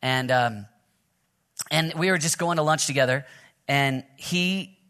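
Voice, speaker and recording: Man, thirties, pastor, sermon, slightly high voice, energetic, quick. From Oklahoma. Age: 30s. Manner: energetic, fast, self-interrupting with restarts and laughs.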